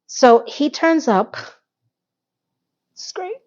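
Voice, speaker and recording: A woman's voice: sits high, animated, extremely slow, darkish tone. Sarcastic chatty woman vlogger. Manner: sarcastic, chatty, occasional cursing. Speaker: TV recap vlogger. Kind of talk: casual recap monologue. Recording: slightly muffled lo-fi audio.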